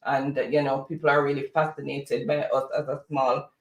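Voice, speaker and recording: A man from Jamaica with a Jamaican accent, co-hosting a casual chat and telling stories with lively retellings. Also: mid-range voice, moderate pace, highs cut off. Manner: chatty storyteller, mimics others. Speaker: co-host. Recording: roomy, distant from mic.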